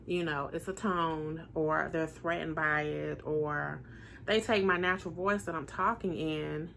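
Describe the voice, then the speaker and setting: A woman in her forties speaks in a low, deep register with a gravelly edge. She talks casually straight to camera, earnest and emphatic. She circles back to repeat her points for weight. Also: fairly even intonation, a little slow, bright, forceful tone, slight background noise. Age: 40s. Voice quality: naturally deep voice. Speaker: vlogger sharing personal experiences.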